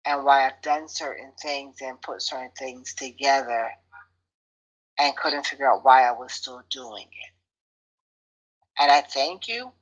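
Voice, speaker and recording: A woman's voice: rumbling low, fairly even intonation, moderate pace, muffled recording. Woman sharing a heartfelt reflection. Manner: searching, restarts mid-phrase, thankful. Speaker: study group participant. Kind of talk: earnest spoken reflection.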